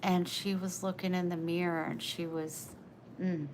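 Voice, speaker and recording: A woman's voice: on the low side, little pitch movement, measured pace, a little mellow, slight background noise, poor audio. A woman livestreaming, chatting with her viewers in a tender, emotional, rambling way. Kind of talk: casual live chat.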